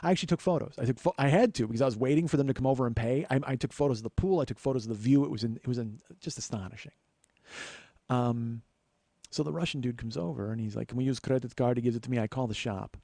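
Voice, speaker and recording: A podcast host in his forties delivers a long comic story, full of profane, self-deprecating asides. His mid-range voice is fast, creaky and dark in tone, with no echo.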